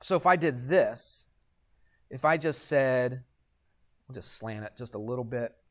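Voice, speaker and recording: A man's voice: medium pitch, measured pace. A middle-aged man teaching math to a classroom, asking the students questions and answering them himself, with jokey asides. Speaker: high school math teacher. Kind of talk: classroom lecture.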